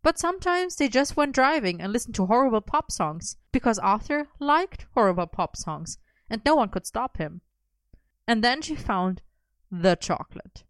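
A woman's voice: a little high, sing-song, normal speed, no echo. A woman reading a lighthearted story aloud with wry, comic timing. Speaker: narrator.

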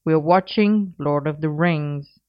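A woman voicing a dry, reluctant young man who speaks in a grudging, low-key way. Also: takes it slowly, dry recording. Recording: dull lo-fi recording.

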